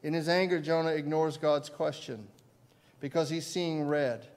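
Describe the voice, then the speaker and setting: A man preaching a sermon as pastor, swinging between loud emphasis and quiet asides and putting questions to his listeners. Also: on the high side, steady tone, unhurried. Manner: asks the congregation questions.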